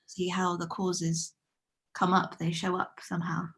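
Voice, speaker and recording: Soft-spoken woman asking questions. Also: fairly low pitch, monotone, measured pace, vocal fry, breathy edge. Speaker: interviewer. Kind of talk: casual interview questions.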